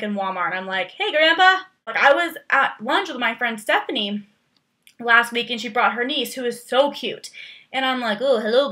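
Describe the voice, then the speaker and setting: Bright, chatty young woman vlogger. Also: a little high. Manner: chatty, rambling, filler-heavy with lots of "like"; playful, exaggerated emphasis. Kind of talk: casual chat answering tag questions.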